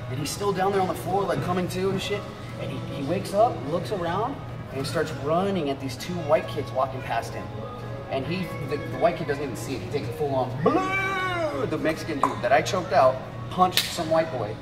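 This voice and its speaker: Man, profane storyteller, fairly high voice, roomy distant sound with music underneath. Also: a little fast. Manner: profane and animated, acts out voices. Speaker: guest, jiu-jitsu fighter. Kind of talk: casual storytelling.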